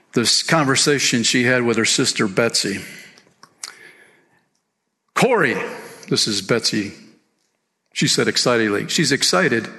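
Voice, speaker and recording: A man preaching as a church pastor, lively and casual, reading aloud and singing short lines. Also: medium pitch. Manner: animated, sings hymn lines and reads book passages aloud. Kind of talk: sermon. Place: church sanctuary. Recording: long hall reverb.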